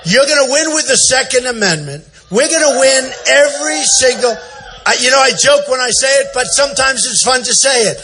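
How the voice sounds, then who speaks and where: An older man delivers a boastful, repetitive campaign rally speech, often shouting out to the crowd. His voice sits high for a man. A faint hum of noise runs under the speech in the big indoor event hall. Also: lively intonation, fairly quick. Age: 60s. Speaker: political candidate. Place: large indoor event center.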